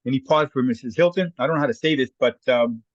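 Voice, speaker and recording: Canadian male guest, fast, lively raconteur, dry dull recording. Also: mid-range voice, no echo. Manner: animated anecdotes, acts out quoted voices. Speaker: guest, former hockey player. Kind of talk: casual storytelling.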